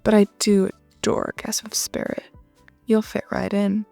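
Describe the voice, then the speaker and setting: Woman playing a smooth-talking radio demon guy, teasing and old-timey, slow and gravelly. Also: medium pitch, level tone, a little mellow, no echo, soft background music. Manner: suave, courtly and teasing. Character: smug charming old-fashioned male radio demon.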